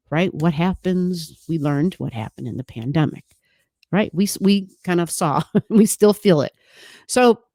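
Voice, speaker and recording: A woman astrologer talks loosely at home, circling back to repeat her points and laughing along the way. Her voice sits low, and the desk microphone picks it up close and dry with no room sound. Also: warm tone, dry recording. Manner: rambling, repeats phrases, laughs often. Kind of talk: casual chat about astrology.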